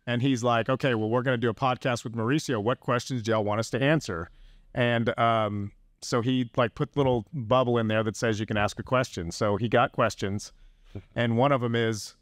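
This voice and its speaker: A man's voice: medium pitch, dry recording, clean studio sound. A man hosting a podcast, chatty and enthusiastic, telling stories in casual conversation. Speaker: podcast host.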